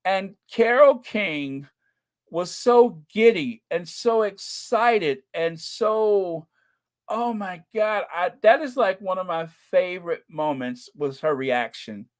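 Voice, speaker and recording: A man hosting a casual live stream, gushing and excitable as he talks to viewers and reads their comments, with a runny nose and frequent throat-clearing. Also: sits high, takes it slowly. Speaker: channel host.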